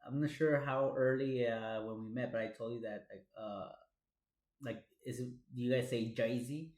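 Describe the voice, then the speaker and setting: A man, the host's husband, chiming in off-mic in a casual home chat, low and mumbled. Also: steady tone, normal speed, a little mellow. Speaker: host's husband, co-host off camera. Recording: distant from mic, echoey room.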